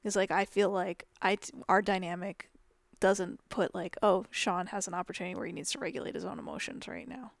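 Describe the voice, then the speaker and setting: A woman's voice: on the low side, fairly even intonation, a little fast, vocal fry, no echo. A woman co-hosting a podcast, talking frankly and acting out her own past lines as she goes. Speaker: podcast co-host. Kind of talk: casual chat.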